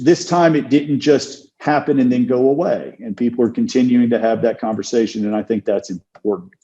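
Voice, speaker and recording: A man who is a criminal defense attorney, talking through an interview in a measured, thoughtful way with many ums and uhs. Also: mid-range voice, mellow. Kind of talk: casual interview talk. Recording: dull lo-fi sound.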